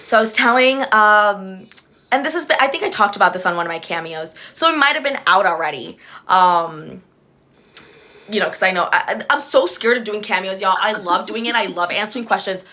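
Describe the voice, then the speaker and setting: A woman's voice: mid-range voice, animated, moderate pace, pushed and bright. A young woman hosting a casual livestream from home, giggly, easily distracted and rambling between stories. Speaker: livestream host.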